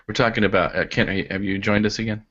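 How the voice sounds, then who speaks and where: A man's voice: fairly low pitch, fairly even intonation, fast, a bit bright. A man co-hosting a casual movie podcast, making playful joking asides over a video call. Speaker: podcast co-host. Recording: dull lo-fi audio.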